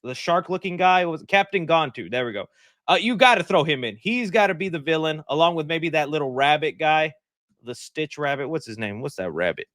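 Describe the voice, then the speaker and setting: A man hosting a livestream, talking in a rambling, joking, animated way at his desk mic. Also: fairly high pitch, a little fast, dry recording, clean studio sound. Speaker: livestream host. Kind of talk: casual livestream chat.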